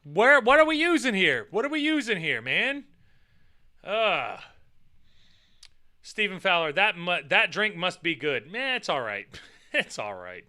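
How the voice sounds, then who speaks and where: Animated swearing man ranting. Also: sits high, unhurried, pauses often. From United States. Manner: animated, swears a lot, mocks with put-on voices. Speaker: streamer reacting to a list and chat. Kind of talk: profane casual rant reading chat.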